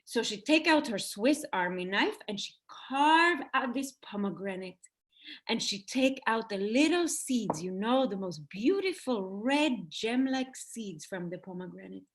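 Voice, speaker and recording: Animated woman telling a children's story. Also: on the high side, unhurried. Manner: animated and expressive, engaging the audience.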